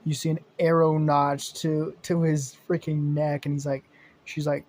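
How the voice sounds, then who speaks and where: A man's voice: a little high, flat delivery, unhurried, darkish tone. A young man narrating an improvised fan story, rambling with many fillers and casual swearing.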